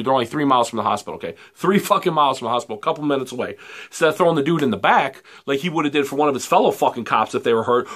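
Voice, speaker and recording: A man's voice: medium pitch, fairly bright tone. A man, ranting heatedly and profanely in a rambling vlog commentary. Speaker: vlogger.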